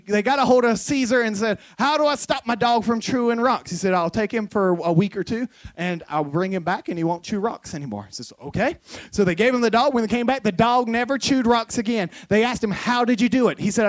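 A woman's voice: fairly high pitch, dry recording. A woman pastor with a Southern American accent, preaching a sermon with folksy stories that build to emphatic passages.

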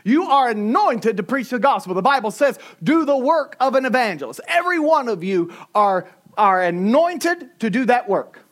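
A man's voice: extremely high pitch, sing-song, normal speed, hardly any pauses. A middle-aged man, a pastor preaching a sermon into a microphone, emphatic and repetitive with joking asides.

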